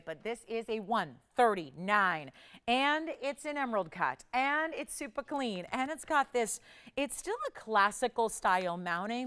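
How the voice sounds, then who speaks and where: A woman's voice: mid-range voice, a bit bright, smooth. A middle-aged woman hosting a live jewelry sales show, bubbly and persuasive, laughing often as she urges viewers to call. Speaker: shopping channel host.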